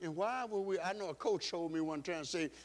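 A man preaching from the pulpit with a fairly high voice. He drives each point home and repeats his key lines. His delivery is emphatic, as a pastor's sermon. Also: a little fast.

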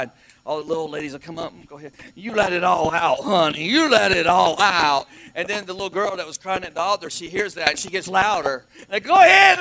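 A man preaching a sermon, often calling out "amen?" and repeating lines as he swings from quiet musing to loud, rising exclamations. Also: sits high. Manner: preaching with frequent calls of "amen?" and repeated phrases. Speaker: pastor.

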